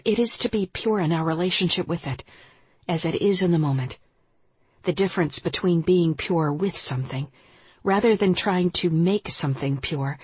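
A yoga teacher reads her spiritual writing aloud in a calm, measured, reflective way. Her voice is low for a woman and very breathy and husky. The sound is close and dry, with no room echo. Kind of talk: reading spiritual nonfiction aloud.

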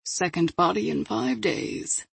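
A woman's voice: lowish voice, brisk, gravelly. A woman voicing an older male police dog handler who speaks in a sad, muttering way. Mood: mournful. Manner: mournful, muttering.

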